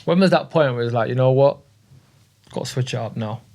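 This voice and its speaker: A man's voice: medium pitch, fairly quick, darkish tone. A man hosting a podcast, laid-back and often repeating his words. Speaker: podcast host. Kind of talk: casual chat. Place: podcast studio.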